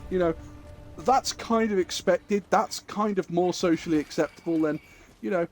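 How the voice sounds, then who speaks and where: A man's voice: high voice, moderate pace, soft background music. A man streaming live, telling crude, jokey stories in a rambling, casual way.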